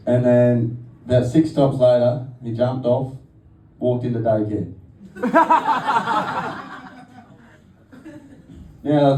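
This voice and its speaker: A man's voice: mid-range voice, dark tone. A young man doing a casual, crude stand-up set, often laughing through his own jokes. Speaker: stand-up comedian. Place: comedy venue, live audience. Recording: roomy venue audio from far off, noisy.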